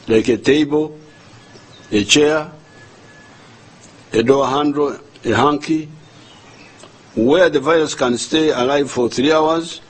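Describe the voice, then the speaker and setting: Slow older Ugandan man addressing the nation. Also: mid-range voice, slightly rough, rough recording. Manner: slow and deliberate, repeating words while searching for them. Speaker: head of state addressing the nation.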